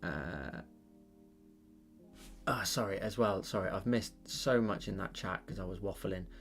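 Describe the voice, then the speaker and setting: Casting note: man, low gravelly voice, rambling streamer thanking chat over soft music. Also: unhurried. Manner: rambling, thinks aloud, many fillers and restarts. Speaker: digital painting livestreamer. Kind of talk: casual livestream chat while painting.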